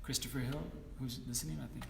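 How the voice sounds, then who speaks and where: A man's voice: medium pitch, steady tone, fast talker, gravelly, fairly bright tone, reverberant, long reverb tail, recorded from a distance, a little hiss or hum. A man in his forties, a musician chatting between songs at an online concert, rambling and self-deprecating with many fillers. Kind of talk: casual chat between songs.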